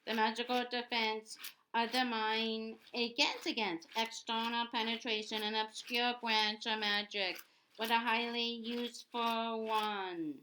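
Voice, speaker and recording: A woman reading the lines of a cold, sneering male teacher in a quiet, smooth way, spelling words out, in a noisy home recording. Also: on the high side, level tone, a little slow.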